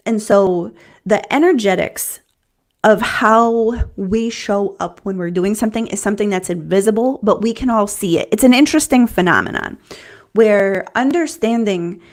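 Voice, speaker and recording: Woman coach, earnest and conversational, mid pitch, teaching to camera. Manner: earnest, conversational, repeats and restarts, says "right?". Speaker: business coach.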